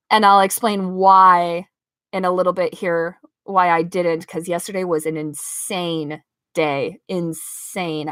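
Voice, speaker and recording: A woman's voice: fairly low pitch, a bit bright, no room sound, clean studio sound. A woman in her thirties chatting casually with viewers on a home livestream, emotional and gushing, laughing often and choking up with pride. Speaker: livestreaming vlogger, parent. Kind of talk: casual live-stream chat with viewers.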